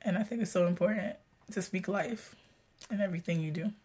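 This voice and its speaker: A woman's voice: on the low side, fairly quick, a little mellow, breathy edge. Young haitian-born woman therapist, sick and stuffy, easygoing podcast chat. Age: young adult. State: sick, congested nose.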